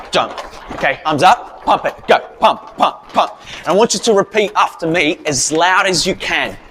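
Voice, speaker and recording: A man, a mental performance coach giving a rousing team talk and leading loud chants. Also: on the high side, slight background noise.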